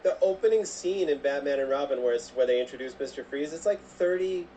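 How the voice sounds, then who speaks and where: A man's voice: fairly high pitch, a little fast, mellow, far from the mic, lo-fi sound, a little hiss or hum. A laid-back man, a podcast co-host in casual banter, tagging lines with 'dude'.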